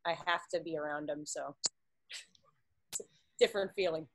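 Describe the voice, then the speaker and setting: A woman's voice: sits low, steady tone, normal speed, a little hiss or hum, rough recording. A woman painter speaking as a podcast guest, reflective and easygoing in casual chat.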